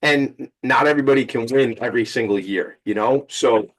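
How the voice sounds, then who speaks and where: A man in his forties with a Long Island accent, hosting a casual chat over a video call, rambling and joking with enthusiastic shout-outs. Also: medium pitch, moderate pace, low-quality recording. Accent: Long Island New York. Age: 40s. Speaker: podcast host.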